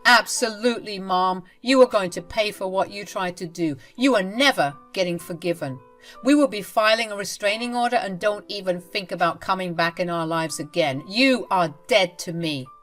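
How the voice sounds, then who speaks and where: A woman voicing an angry adult man, a husband and father, who speaks in a stern, forceful way. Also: medium pitch, normal speed, faint music behind, natural voice. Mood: furious.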